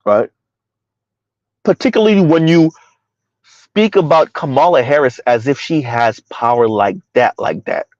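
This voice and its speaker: A man's voice: a little slow, long pauses, darkish tone, no echo. A man doing casual livestream commentary, reading out viewers' chat and asking rhetorical questions, his voice leaping up when he sounds incredulous. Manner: rhetorical, keeps asking "Right?", swings pitch up when incredulous. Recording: dry, slightly dull lo-fi audio.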